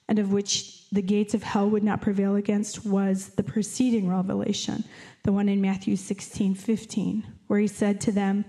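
A woman preaching a sermon, reading scripture aloud in an earnest way and slowing down to dwell on key phrases. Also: mid-range voice, dark tone.

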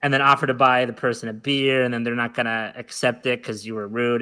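A man's voice: medium pitch, level tone, fast, few pauses, sharp tone. A man co-hosting a casual podcast chat, rambling and joking playfully. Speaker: podcast co-host.

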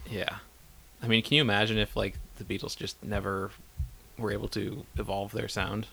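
Low, gravelly man in laid-back chat. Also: little pitch movement, normal speed, sharp tone, a little hiss or hum. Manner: laid-back, hesitant, laughs often. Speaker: podcast co-host. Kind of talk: casual chat.

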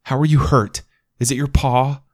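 A man's voice: mid-range voice, big pitch swings, moderate pace, darkish tone, husky, dry recording, clean studio sound, voice pushed up. A man voicing a brave, anxious young woman in a storybook reading, speaking urgently and with emotion.

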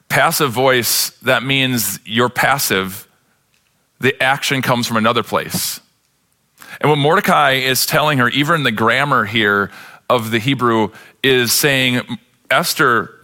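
A man's voice: mid-range voice, pushed and bright. A man pastor preaching a sermon with impassioned delivery, sometimes acting out the characters in the story.

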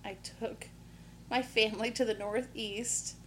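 A woman's voice: a little high, steady tone, measured pace, a bit bright, slight background noise. Chatty woman podcast co-host, laughing. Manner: chatty, laughs often, swears freely. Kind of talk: casual chat.

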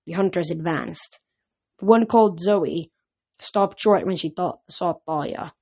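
A woman's voice: on the low side, a little slow, warm tone, breathy edge. A woman reading a novel aloud for her podcast, with occasional slips and restarts. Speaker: podcast reader.

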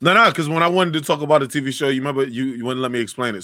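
A man co-hosting a casual podcast, animated and profane, pressing his points with emphasis. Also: mid-range voice, racing, dry recording. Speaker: podcast co-host. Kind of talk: casual banter.

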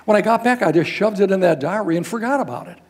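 An older man, a guest pastor, telling a story in a sermon in a folksy, animated way, acting out the people in it. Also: high voice, fast talker. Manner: animated, folksy, quotes people in raised voices.

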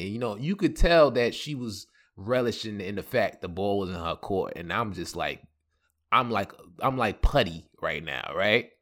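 A man telling a personal story on his podcast, casual and animated, acting out the other people in it. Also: lowish voice, normal speed. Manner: animated, acts out quoted voices, laughs often. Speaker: podcast host.

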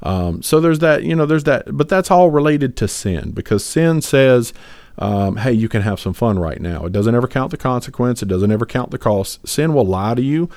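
A podcast co-host talks about faith casually, sounding earnest and rambling, with lots of fillers and restarts. His mid-range voice is expressive and darkish, at a moderate pace, with no echo.

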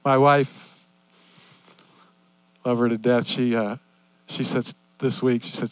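Older guy preaching, earnest and repetitive, goes loud then quiet, dry close sound. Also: medium pitch, level tone, takes it slowly, long pauses, clear, resonant tone, dry recording. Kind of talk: sermon.

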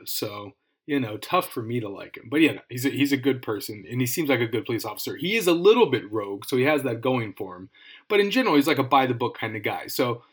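A man's voice: mid-range voice, a bit bright. A man with an Irish accent hosting a podcast, reviewing a book in a casual, rambling, self-deprecating way with frequent restarts. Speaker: podcast host.

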